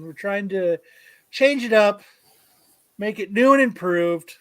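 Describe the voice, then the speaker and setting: A man chats as a comic podcast host in a high register, tossing in crude jokes. The sound is dry and close to the mic. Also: takes it slowly, a bit bright, dry recording. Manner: profane, joking, reads news aloud. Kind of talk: casual comic podcast banter.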